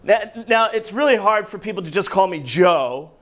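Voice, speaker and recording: A man doing a stand-up comedy set on a club stage, hyping the crowd in an energetic, animated way. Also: sits high, normal speed. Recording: live club recording with crowd laughter.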